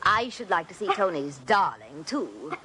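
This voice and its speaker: A woman's voice: lowish voice, big pitch swings, moderate pace, pushed and bright. An actress playing a jealous, condescending English society lady in a 1940s radio drama. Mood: haughty. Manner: cutting and condescending.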